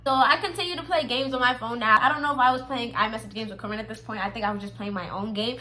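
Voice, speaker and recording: A young woman telling a storytime story to her viewers, animated and profane, talking straight to the camera. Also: a little high, very fast. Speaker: vlogger. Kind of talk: casual storytime monologue.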